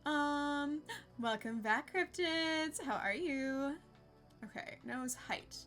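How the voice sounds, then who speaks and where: A woman's voice: sits high, slow, a bit bright, soft background music. A young woman streaming a game, chatting casually with her viewers and laughing often. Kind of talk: casual live-stream chat.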